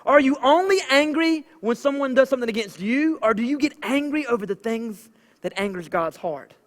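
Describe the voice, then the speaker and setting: A man's voice: very high voice, lively intonation, a little fast. A Southern man in his thirties preaching a casual, chatty sermon, full of "like" fillers. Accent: Southern American. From American South. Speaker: pastor. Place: church auditorium. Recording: long church hall reverb.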